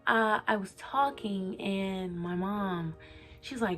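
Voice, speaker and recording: A woman's voice: medium pitch, slow, soft background music. A young adult woman vlogging, speaking articulately and candidly about personal struggles in an open, emotional way. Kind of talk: candid confessional vlog.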